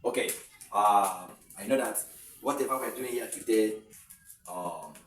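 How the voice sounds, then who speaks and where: A man's voice: fairly low pitch, a little slow, a bit bright, echoey room, recorded from a distance, soft background music, poor audio. A man with a Nigerian accent teaching an exam lesson, explaining step by step and repeating key points. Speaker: exam tutor. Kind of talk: video lesson.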